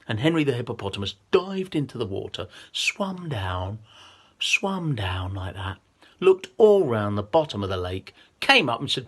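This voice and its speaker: Animated male children's storyteller. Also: medium pitch, moderate pace. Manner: animated, coaxing, playful.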